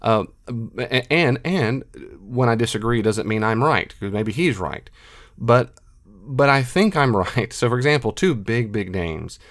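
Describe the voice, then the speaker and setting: A middle-aged man speaking as a biblical scholar in an unscripted monologue, emphatic and repetitive, with animated asides. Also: mid-range voice, measured pace.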